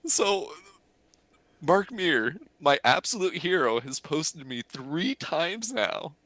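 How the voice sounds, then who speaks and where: Male podcast guest, bright and eager, animated storyteller, dry close sound. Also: on the high side, takes it slowly, no room sound. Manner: excitable, animated retelling with voiced quotes. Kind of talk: casual storytelling.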